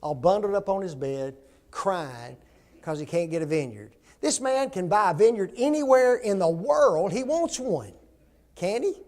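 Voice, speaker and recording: A man teaching a Bible class, animated and joking, often asking the class questions. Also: high voice, unhurried.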